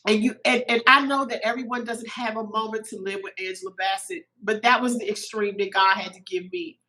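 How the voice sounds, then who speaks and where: A middle-aged woman, a podcast guest, telling a personal story in an animated way, a little teary-eyed. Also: a little high, brisk, rough recording. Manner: animated, acts out quoted voices.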